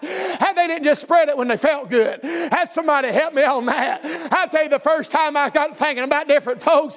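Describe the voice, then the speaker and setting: A man preaching a fervent revival sermon, shouting in rhythmic bursts punctuated by amens. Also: extremely high pitch, vocal fry. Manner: shouting, rhythmic call-and-response with frequent amens.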